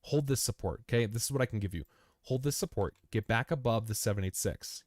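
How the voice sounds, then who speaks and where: Brisk and a little mellow, a lowish-voiced young man chats casually through price charts as host of a crypto analysis livestream. Clean studio sound, no room sound. He tends to repeat phrases, addresses the chart as "you," and uses "man," "dude," and "bro."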